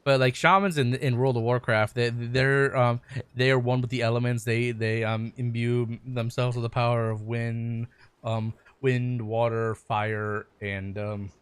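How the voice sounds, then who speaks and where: A man's voice: medium pitch, little pitch movement, unhurried, clear, resonant tone, dry recording. A man casually chatting on his gaming stream, rambling and swearing freely as he talks through the game.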